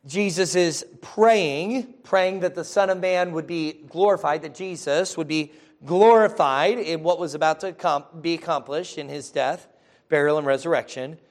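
High-voiced man preaching a sermon. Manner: checks in with listeners, asking "folks?" and "yes?"; reads scripture slowly with emphasis. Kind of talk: sermon with scripture reading.

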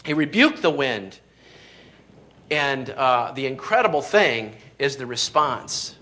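A man's voice: mid-range voice, very animated, slow, pushed and bright. A pastor delivering a sermon, preaching emphatically, reading scripture aloud and often restarting his sentences.

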